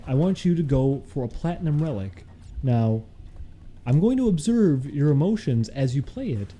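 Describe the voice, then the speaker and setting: Man putting on a patronizing therapist, prying questions, mock clinical tone, raised pitch, mellow timbre.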